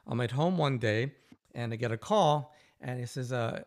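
A male interviewer recounting a tale in a casual, animated way. He acts out the quoted lines and laughs easily as he goes. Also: medium pitch, moderate pace. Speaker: host.

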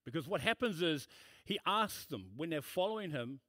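A man's voice: a little high, big pitch swings, normal speed, bright, forceful tone, no room sound. A man preaching a sermon in a church, emphatic and repetitive, breaking into casual storytelling asides. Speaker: pastor.

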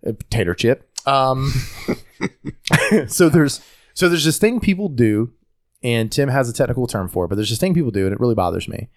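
A Southern-accented man from North Carolina hosts a podcast, chatting casually and rambling, frequently starting his sentences over. His mid-range voice is animated and moves at a moderate pace.

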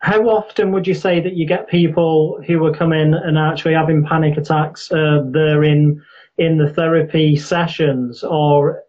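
A man hosts the interview and asks long, winding questions full of ums and uhs. His voice is a little high and comes through on a slightly dull, lo-fi recording. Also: a little mellow. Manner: hesitant, many fillers. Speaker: interviewer, host.

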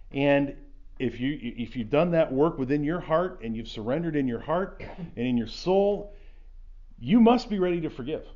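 A man's voice: mid-range voice, a little mellow. An earnest man teaches a Bible class, with a voice in the middle of the usual range. He stresses the scripture he reads aloud and then explains it plainly. The recording is slightly dull and lo-fi.

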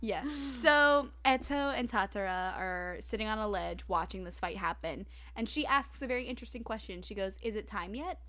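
A woman's voice: medium pitch, moderate pace, hardly any pauses, a bit bright. A woman co-hosting a casual show, recapping an anime episode, teasing and giggling as she acts out the characters' lines. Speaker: podcast co-host.

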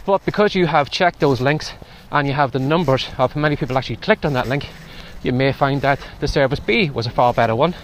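A man's voice: mid-range voice, brisk, hardly any pauses. A man hosting a casual walking vlog outdoors in the wind, slightly out of breath as he gives chatty advice. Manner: chatty, advisory. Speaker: podcast host. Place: outdoors in strong wind and rain.

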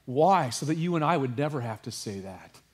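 A man preaching a sermon with passion, dropping to a hush and rising to emphasis, with casual asides to his congregation. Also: mid-range voice, animated, fairly quick. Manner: passionate, swings from hushed to emphatic. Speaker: pastor.

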